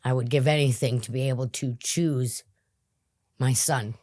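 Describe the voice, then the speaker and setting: Female interview guest, low and slow, earnest, dry close sound. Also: steady tone, a little mellow, no echo. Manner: earnest and reflective, dropping to whispers. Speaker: guest in recovery. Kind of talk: interview conversation.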